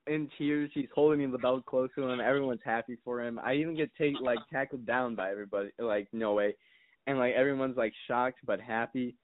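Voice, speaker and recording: A young man chatting as a podcast guest, telling stories in a rambling, mock-serious way full of fillers and swearing. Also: mid-range voice. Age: young adult. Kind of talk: casual podcast chat. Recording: dry, tinny phone-like sound.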